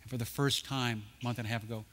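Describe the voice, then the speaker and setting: A man speaking at a conference, telling animated anecdotes with jokes. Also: medium pitch, quick pace. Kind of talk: storytelling talk. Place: conference stage.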